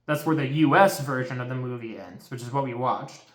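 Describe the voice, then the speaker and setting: A young man with a mid-range voice rants briskly as a movie reviewer, recapping a horror film in a casual, profane, exasperated way packed with slang. The recording has a roomy echo.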